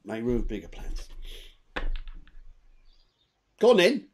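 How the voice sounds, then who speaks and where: Animated man giving a psychic reading. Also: mid-range voice, fast. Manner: animated, chatty, trails off and repeats himself. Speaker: medium and co-host. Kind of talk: live psychic reading on a livestream. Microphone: video call.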